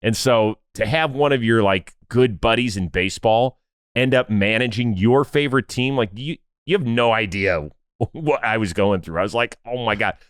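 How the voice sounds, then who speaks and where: A man guesting on a podcast, talking casually and acting out what others said in lowered voices. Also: normal speed, smooth, no echo, clean studio sound. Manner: animated storyteller, acts out quotes in lowered voices. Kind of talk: casual conversation.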